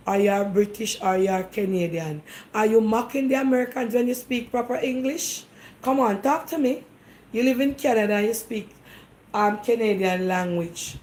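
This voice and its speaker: Speaking in a mid-range, slightly mellow voice, this Jamaican-accented talk show host confronts her audience head-on. She's emphatic and defensive, constantly tossing questions back at listeners, all captured on a low-quality recording.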